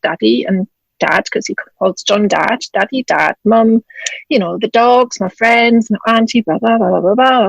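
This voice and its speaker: Speaking from her Scottish home, this podcast guest, an author and widowed mother originally from Germany, relates a personal story in relaxed conversation, performing the quoted lines. Her voice is medium-pitched and creaky, captured in a muffled recording with no echo.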